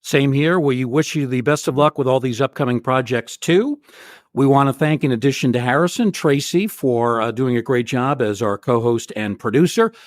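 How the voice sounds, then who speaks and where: Male host, measured sign-off, halting, dry mic. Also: medium pitch, no echo. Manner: measured, with frequent uh fillers. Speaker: podcast host. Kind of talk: podcast sign-off.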